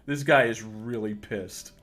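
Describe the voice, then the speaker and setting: A man's voice: on the low side, fairly bright tone. Laughing man running a tabletop game. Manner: quick, laughing, stumbling narration. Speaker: game master. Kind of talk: narrating a tabletop game on a livestream.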